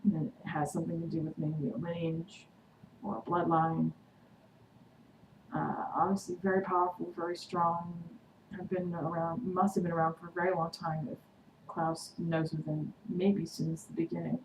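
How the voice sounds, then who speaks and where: A woman vlogger chatting through a TV episode recap, excitedly acting out the characters' quotes. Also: on the low side, moderate pace. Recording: echoey room, distant mic, noisy.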